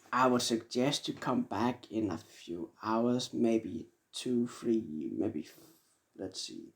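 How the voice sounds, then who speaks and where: A man's voice: medium pitch, expressive, drawn-out words, gravelly, long pauses, a little mellow, exaggerated voice. A man voicing a cagey male owner in a fan story, evasive and warning.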